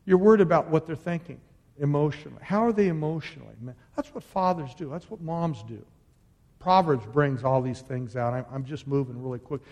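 A middle-aged man preaching as a pastor, swinging between loud exhortation and quiet, intimate asides. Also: a little high, fairly quick, dull audio. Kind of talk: sermon.

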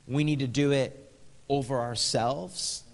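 American male preacher, easygoing storyteller who chuckles a lot, mid-pitched, big reverberant hall. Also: steady tone, takes it slowly, vocal fry. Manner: conversational, chuckles often, acts out dialogue. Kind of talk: storytelling sermon.

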